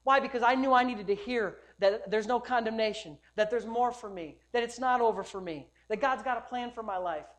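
A male pastor preaching a sermon at a church service, emphatic and repetitive, building up to loud declarations. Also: very high voice, brisk, few pauses.

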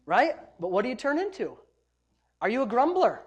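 Middle-aged male pastor, lively joking sermon delivery. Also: very high voice, moderate pace, husky. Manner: animated, joking, preacherly exclamations.

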